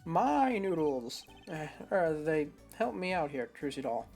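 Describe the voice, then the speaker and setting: A woman voicing a loud, folksy old male noodle vendor with a put-on drawling accent, reading game dialogue aloud. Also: low voice, big pitch swings, measured pace, faint music behind, full character voice. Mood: boisterous.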